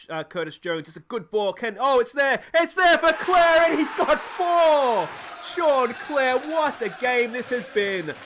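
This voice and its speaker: A man from Australia commentating his own football management game, chatty and joking, cheering loudly at every goal. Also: fairly high pitch. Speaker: gaming YouTuber. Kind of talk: excited let's-play commentary.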